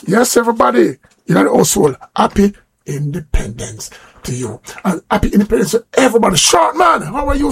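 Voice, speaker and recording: A man with a Jamaican accent hosting a live stream, greeting listeners one by one by name in a casual, lively way. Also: high-pitched, gravelly, husky.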